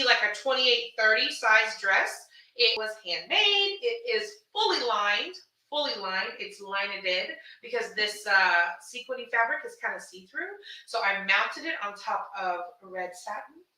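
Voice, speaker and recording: A woman from Houston, Texas, chatting casually on a livestream while selling her gowns, animated and calling viewers baby and honey. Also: fairly high pitch, unhurried, recorded from a distance. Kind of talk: casual livestream sales chat. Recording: echoey room, voice away from the mic.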